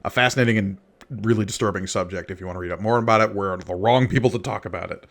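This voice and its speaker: A man co-hosting a casual podcast, speaking in a fairly low voice. He talks things through thoughtfully, hedging his points along the way. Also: fast talker, gravelly, fairly bright tone. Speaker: podcast co-host. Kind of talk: casual podcast chat about comics.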